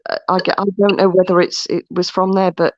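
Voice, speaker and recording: A woman's voice: fairly low pitch, level tone, fairly quick, darkish tone, slight background noise. A woman co-hosting a live stream in casual chat, laughing, swearing cheerfully and poking fun at herself. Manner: laughing, swearing, self-deprecating. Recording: dull lo-fi stream audio.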